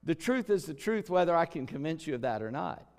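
A middle-aged man preaching a sermon as pastor, in a folksy, chatty way with jokes and quick asides. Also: fairly high pitch, very animated, a little mellow. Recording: long hall reverb.

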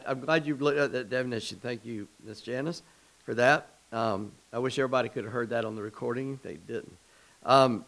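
A man's voice: mid-range voice, low-quality recording. A man leading a Bible study class in a conversational way, rambling with frequent restarts and putting questions to the group.

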